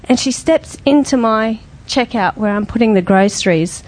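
A woman shares a personal story with a small group. Her voice sits a little high, and she tells it casually, laughing often and mimicking the people she quotes. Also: normal speed, a little mellow, low-quality recording. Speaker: group member sharing a testimony.

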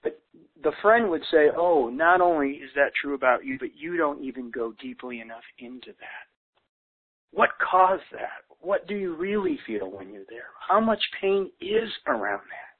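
A man's voice: fairly high pitch, moderate pace. Earnest man on a tinny phone line. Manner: earnest, searching, restarts with stammered repeats, quotes people in lively voices. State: choked up. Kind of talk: heartfelt unscripted conversation.

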